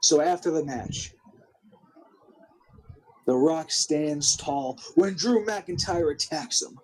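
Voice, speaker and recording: Husky young man recapping a game. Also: on the high side, slow pace, a little mellow, low-quality recording. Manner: rambling, profane, full of restarts and 'like'. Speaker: game commentator. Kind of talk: casual recap of a wrestling game.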